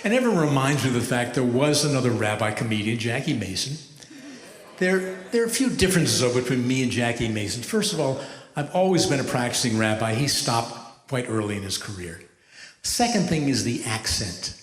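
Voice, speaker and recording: A man in his seventies, a rabbi doing stand-up comedy, telling stories with a wry, measured delivery and deadpan punchlines. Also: medium pitch. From United States. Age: 70s. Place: large hall with a live audience. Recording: echoey hall from far off.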